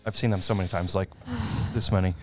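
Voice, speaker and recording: A man in his thirties co-hosting a podcast, chatting in a rambling way and quick to laugh. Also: sits low, fairly even intonation, darkish tone, no echo. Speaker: podcast co-host. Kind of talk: casual chat.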